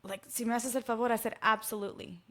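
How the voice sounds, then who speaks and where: Texan woman, musician guest, casual chat, lively storyteller who acts out the dialogue. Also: on the high side, quick pace.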